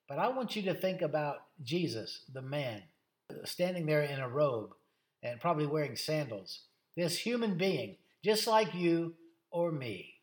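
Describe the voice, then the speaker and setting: A man's voice: fairly high pitch, roomy sound. A man preaching a sermon, dramatic and emphatic, lingering on words for effect. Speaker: pastor.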